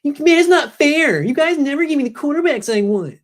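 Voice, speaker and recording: Man doing a squeaky whining man-child impression; high, nasal and sulky. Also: animated, normal speed. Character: whiny grown man sulking like a child.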